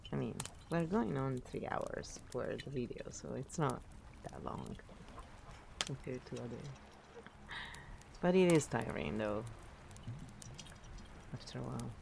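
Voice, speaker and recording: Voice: medium pitch, lively intonation, measured pace, creaky, pauses often, background noise. A live streamer sounding tired, chatting casually and rambling with many fillers.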